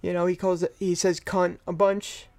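A man's voice: high-pitched, little pitch movement, moderate pace, a little mellow. A man co-hosting a podcast in rambling, sarcastic casual chat, swearing freely. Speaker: podcast co-host.

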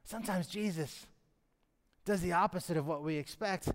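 A man's voice: high voice, moderate pace. A man preaching a sermon who acts out the pleading voices of the characters in his story. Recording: long hall reverb.

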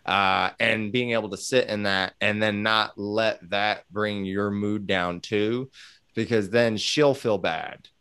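Animated casual man, smooth voice. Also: fairly low pitch, slow. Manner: animated, swearing, acts out quoted dialogue. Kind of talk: casual chat.

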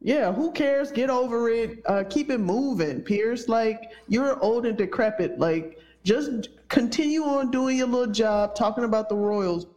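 A man with a notably high voice on a casual podcast. He chimes in with short remarks and laughs along with the others. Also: unhurried, hardly any pauses, darkish tone, poor audio. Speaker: podcast co-host. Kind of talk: casual chat.

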